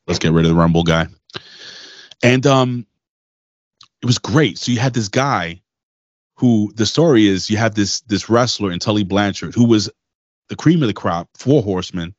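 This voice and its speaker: A lower-voiced man chatting casually on a podcast, swearing freely and rambling through his stories. The sound is dry with no room to it, and slightly muffled. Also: a little fast, no room sound. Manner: loose, profane, rambling storyteller. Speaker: podcast co-host. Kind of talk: casual wrestling podcast chat.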